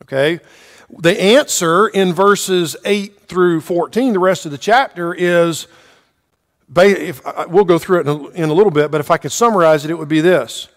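A man's voice: high-pitched, normal speed, in a large hall. A man teaching a Bible lesson verse by verse, asking his listeners questions and checking in with "okay" often.

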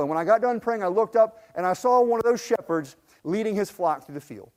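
A man with a high voice preaches a sermon, telling a personal story. He pushes hard on his key lines, then drops to a soft, low register, often stumbling over and repeating his words. He sounds like a pastor speaking from the heart. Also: lively intonation, a little fast, few pauses. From United States. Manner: earnest, builds to emphatic peaks, then drops low and soft; frequent restarts and repeated words.

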